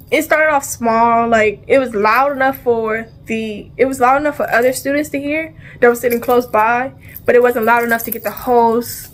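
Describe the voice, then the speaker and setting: Animated woman telling a story. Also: on the high side. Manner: animated, acts out sounds and dialogue; casual slang, repeats phrases. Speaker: vlogger. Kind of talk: storytime vlog.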